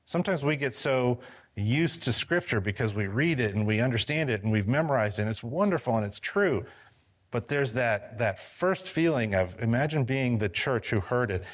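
Pastor, male, mid-range voice, informal teaching tone, a bit hoarse from talking, lots of restarts. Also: medium pitch, animated, moderate pace. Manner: conversational, many restarts and fillers. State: losing his voice. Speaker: pastor teaching a Bible class. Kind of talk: casual Bible study teaching.

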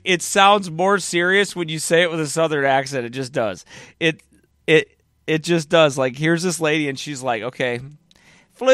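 A man reacting to a sermon clip, mocking it with animated, often shouted asides. His voice is bright and crisp, a bit high for a man, recorded dry and close. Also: dry recording. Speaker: commentator. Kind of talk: reaction commentary.

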